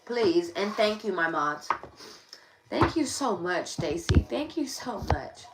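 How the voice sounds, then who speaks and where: A woman's voice: medium pitch, big pitch swings, slow. A woman hosting a tarot live stream, talking in an emphatic, preachy way and repeating her phrases over and over. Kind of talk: impassioned live-stream monologue. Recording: echoey room, distant mic, faint noise.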